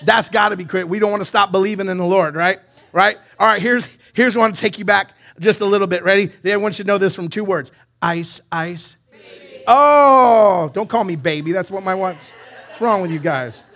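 A pastor preaching a live sermon in church, lively and joking with his congregation. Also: sits high, brisk. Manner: lively, banters with the congregation and sings song snippets. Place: church sanctuary.

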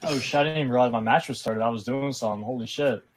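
A man's voice: mid-range voice, racing, a little hiss or hum. A young man chatting casually while gaming, crude and blunt. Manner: crude, blunt, swears a lot. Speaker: friend in group chat.

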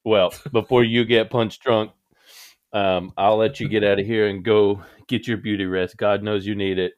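A man's voice: lowish voice, fairly even intonation, moderate pace, no room sound, highs cut off. A man hosting a podcast, teasing and joking in casual banter with his guest. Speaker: podcast host.

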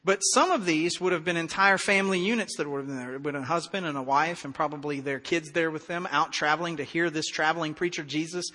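A man preaching a sermon as pastor, in a conversational, animated way with acted-out dialogue. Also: on the high side, fast, few pauses, in a large hall.

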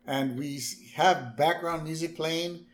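A man's voice: fairly high pitch, unhurried. A man co-hosting a podcast, recapping a cartoon episode with jokey asides. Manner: chatty, jokey asides, frequent "mm-hmm" backchannel. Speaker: podcast co-host. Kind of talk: casual episode recap chat.

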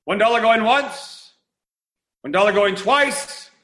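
A man preaching voices a calm, formal male auctioneer calling out bids in a measured, announcing way. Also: high-pitched, roomy sound, pitched above the performer's own voice.

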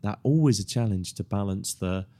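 A man's voice: lowish voice, normal speed, mellow. A man hosting a podcast, speaking reflectively in casual conversation, often repeating words as he gathers his thoughts. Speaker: podcast host.

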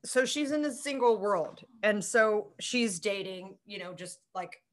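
A woman's voice: mid-range voice, animated, unhurried. A woman co-hosting a podcast, telling candid, profane dating stories in casual chat. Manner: candid, profane storytelling with quoted voices. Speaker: podcast co-host.

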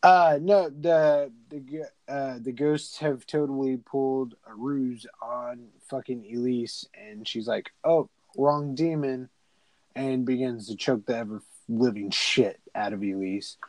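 Slow, dry-voiced young man recapping a movie. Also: medium pitch, steady tone, darkish tone, no echo, rough recording. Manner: profane, rambling, laughing, voices characters in the retelling. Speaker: podcast co-host. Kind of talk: casual movie recap chat.

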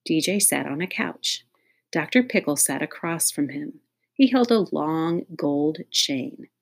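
A woman's voice: deep voice, lively intonation, a little slow, creaky, husky. A woman reading a children's audiobook aloud in a playful way, speaking directly to young listeners. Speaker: audiobook reader.

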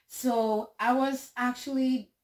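A woman giving a slow, heartfelt motivational talk, lingering on the lines she quotes. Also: a little high, fairly even intonation, distant mic. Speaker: speaker sharing encouragement.

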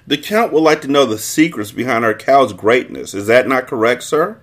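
A man's voice: mid-range voice, animated, normal speed, fairly bright tone, voice pushed up. A man voicing a humble, deferential farmer. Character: humble, eager-to-please farmer father.

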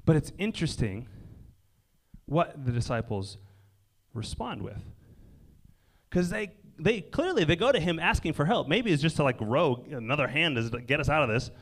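A preacher speaks animatedly at a normal speed during a relaxed sermon at an indoor gathering by a lake. He keeps asking "right?" and lowers his voice to a quiet hush to stress points.

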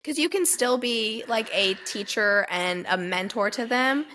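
A woman in her twenties co-hosting a podcast, talking casually with lots of "like" and lively retellings. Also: a little high, a little slow, a little hiss or hum. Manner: chatty, heavy use of "like", animated retellings. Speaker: podcast co-host. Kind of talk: casual chat.

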